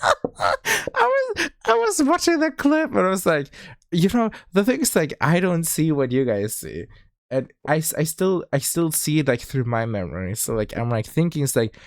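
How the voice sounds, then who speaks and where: On a livestream, a man with a German accent and a slight lisp chats casually in a fairly high voice at a moderate pace. He's animated and giggly, filling his speech with "like." The audio from his streaming mic is studio quality with no room sound.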